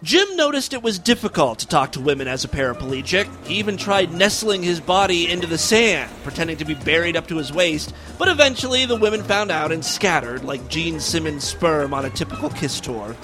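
Host: high, lively male voice reading raunchy comic tales over a music bed. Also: fairly quick, few pauses, poor audio. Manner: animated, crude, jokey. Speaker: podcast host. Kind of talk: comedic story narration.

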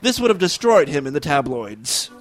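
Host: high, lively male voice reading raunchy comic tales over a music bed. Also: normal speed, low-quality recording. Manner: animated, crude, jokey. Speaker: podcast host. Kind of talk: comedic story narration.

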